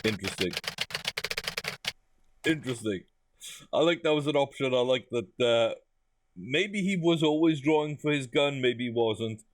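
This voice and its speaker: A man giving a casual first-look commentary on a game, chatty and amused, thinking out loud. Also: medium pitch, lively intonation, moderate pace, pauses often. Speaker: gaming YouTuber.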